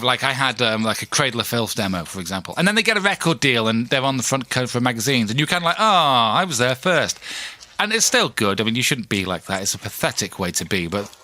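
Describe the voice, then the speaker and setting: Guy rambling on his podcast, bouncy up and down voice, bright edge, dry close sound. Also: fairly low pitch, lively intonation, quick pace, hardly any pauses, no echo. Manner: chatty, self-deprecating, frequent restarts and asides. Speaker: podcast host. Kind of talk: rambling solo monologue.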